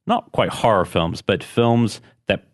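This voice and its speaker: A man with a fairly low voice co-hosts a podcast in casual chat. He talks in long, rambling stretches full of restarts. He ribs his co-hosts in a deadpan way. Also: measured pace. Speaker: podcast co-host.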